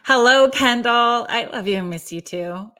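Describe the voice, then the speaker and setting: A woman's voice: a little high, moderate pace, pushed and bright. Chatty woman podcast host. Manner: friendly, chatty, reads out viewer comments. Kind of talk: casual chat.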